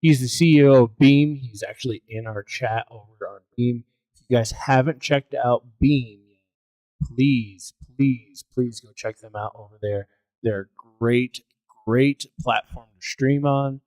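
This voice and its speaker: A man co-hosting a live-streamed podcast, chatting casually and giving upbeat shout-outs. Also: mid-range voice, a little slow, dry recording. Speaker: podcast co-host.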